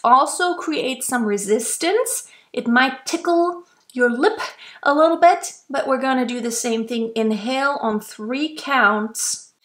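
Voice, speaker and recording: A woman's voice: high voice, a little slow. A woman from Germany, a vocal coach patiently explaining and demonstrating breathing exercises. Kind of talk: instructional explanation.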